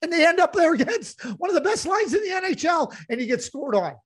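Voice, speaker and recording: A man's voice: extremely high pitch, big pitch swings, fast talker, fairly bright tone. A man hosting a sports talk show, blunt and emphatic, repeating himself for effect. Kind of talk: heated hockey talk.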